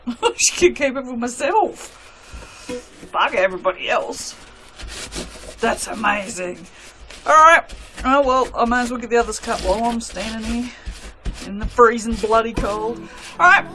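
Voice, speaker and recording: A woman's voice: on the high side, expressive, unhurried, long pauses, sharp tone, slight background noise. A young woman chatting casually while cutting soap in a cold workspace at night, gushing and poking fun at herself. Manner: gushing, self-mocking, chatty with her cat. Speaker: soap maker.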